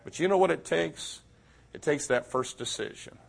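A man preaching a sermon, telling a story and swinging from loud to hushed. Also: on the high side, normal speed, gravelly.

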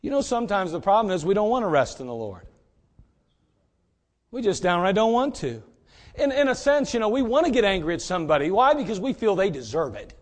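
A man preaching a sermon in a folksy, direct way, swinging between loud emphasis and quiet asides. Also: sits high, big pitch swings, fairly quick.

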